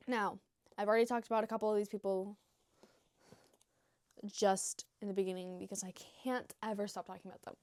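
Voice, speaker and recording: A young woman talks straight to camera in a loose, unscripted vlog, rambling and gushing with plenty of filler words and swearing. Her voice sits at a middle pitch for a woman. The sound is close and dry, with no room echo. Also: darkish tone. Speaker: new vlogger. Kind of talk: casual unscripted vlog chat.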